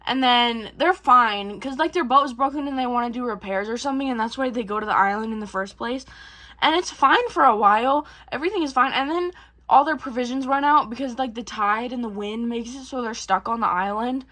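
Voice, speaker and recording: A woman's voice: a little high, a bit bright. Rambling young woman recapping a movie. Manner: rambling and profane, acts out characters in quick bursts. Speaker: vlogger.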